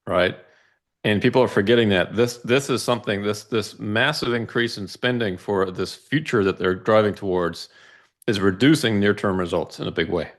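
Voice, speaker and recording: A man with a fairly low voice explains financial charts in a methodical, conversational way. He steps through each figure carefully and often checks in with a quick "right?". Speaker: investment analyst guest. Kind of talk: casual financial discussion walking through charts.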